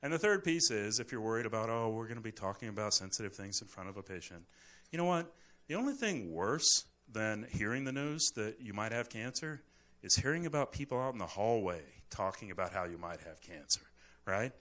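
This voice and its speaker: A middle-aged man, a physician, giving a lively live lecture with a demonstration and acting out little scenes as jokes. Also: on the low side, fairly quick. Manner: animated, jokey, acts out little scenes. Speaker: physician teaching at grand rounds. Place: hospital lecture hall. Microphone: moves on and off the microphone.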